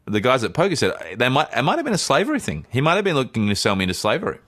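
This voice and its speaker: Animated, fast-talking storytelling man. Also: mid-range voice. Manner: animated, stammering restarts while telling a story. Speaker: podcast co-host. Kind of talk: casual storytelling chat.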